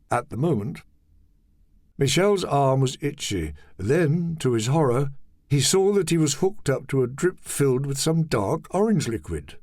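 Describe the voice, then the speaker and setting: A man narrating a children's audiobook in a lively, expressive reading. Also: mid-range voice, dry recording, studio quality. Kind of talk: scripted storybook narration.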